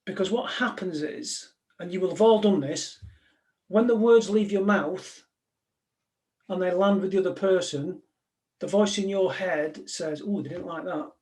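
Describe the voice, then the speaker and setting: A man's voice: high voice, measured pace, a little mellow. A man, a former police negotiator, giving a live talk to an audience in a direct, conversational way, full of anecdotes.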